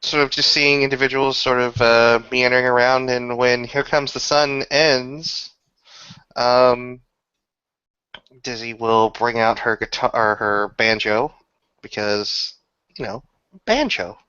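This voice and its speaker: A man playing a tabletop game, describing his character's actions in a casual, halting way with lots of fillers. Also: mid-range voice, level tone, bright, forceful tone, clean tone, no echo, highs cut off. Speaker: tabletop player.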